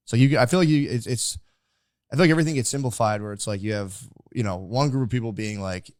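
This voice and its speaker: A man's voice: lowish voice, rapid-fire, darkish tone, dry recording, clean studio sound. A young man hosting a casual podcast interview, rambling with lots of fillers. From United States. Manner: rambling, filler-heavy with many likes. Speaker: podcast host.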